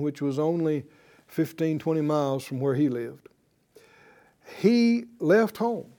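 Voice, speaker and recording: A man's voice: a little high, warm tone. A man teaching a Bible lesson in sermon style, emphatic and putting rhetorical questions to his listeners.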